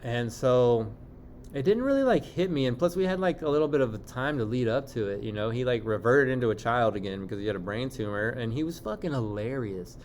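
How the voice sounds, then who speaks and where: A man's voice: medium pitch, lively intonation, fairly quick, a little mellow, slight background noise. A man talking into the camera in a casual personal monologue, rambling and candid, with lots of fillers and swearing. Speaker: vlogger.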